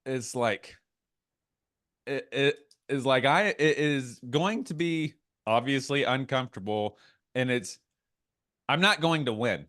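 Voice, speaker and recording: A man's voice: medium pitch, slow pace, pauses often, dry recording. Heated podcast man with a dry, close sound. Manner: animated, heated, trails into quoted asides. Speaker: podcast co-host. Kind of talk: casual chat.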